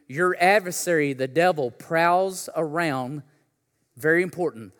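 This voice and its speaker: Bright-voiced male preacher in a big hall. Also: fairly high pitch, measured pace. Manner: builds from conversational to shouting preacher intensity; casual slangy storytelling. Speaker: pastor. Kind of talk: sermon.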